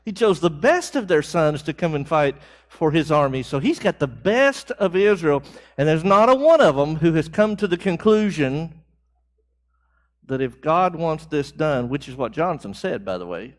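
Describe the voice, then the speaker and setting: This man's voice is fairly high, with lively intonation and a moderate pace. He talks with his church Bible class in a conversational way, posing questions, responding to them, and stressing important phrases.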